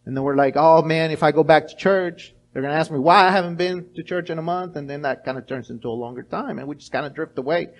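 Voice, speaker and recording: A middle-aged male pastor preaching a sermon, animated, acting out little voices and restarting his words often. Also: a little high, fast talker, few pauses.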